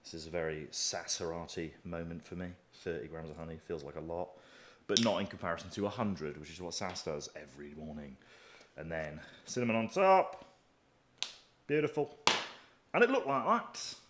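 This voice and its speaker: A man's voice: deep voice, animated, normal speed, a bit bright, slight background noise. A man in his thirties chatting casually and cursing freely while making a meal for his fitness vlog. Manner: chatty, profane and offhand. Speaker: bodybuilding vlogger.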